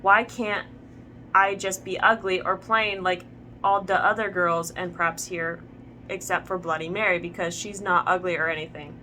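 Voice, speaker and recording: A woman's voice: lowish voice, steady tone, normal speed, bright, forceful tone, slight background noise. A woman voicing a melodramatic gothic teenage girl heroine in a fanfic reading, with angry outbursts. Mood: whiny.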